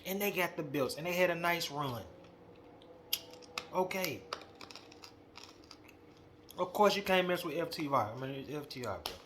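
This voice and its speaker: Young guy going off on a casual rant, slangy and fired up, bright voice, little bit of hiss behind. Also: fairly high pitch, normal speed, long pauses. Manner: animated, slangy, calls out directly. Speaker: wrestling podcast host. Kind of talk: casual opinion monologue.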